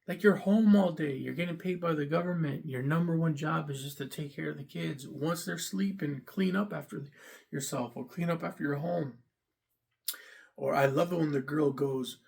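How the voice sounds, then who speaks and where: A man's voice: a little high, moderate pace, vocal fry. A young man giving a blunt, profane, rambling casual rant about dating, full of fillers. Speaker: vlogger giving dating opinions. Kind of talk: casual ranting monologue.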